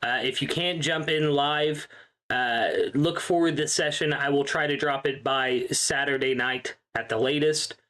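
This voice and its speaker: A man's voice: fairly high pitch, steady tone, measured pace, pushed and bright. A man hosting the stream and playing a tabletop game, chatting casually and speaking to the audience. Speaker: channel host and player.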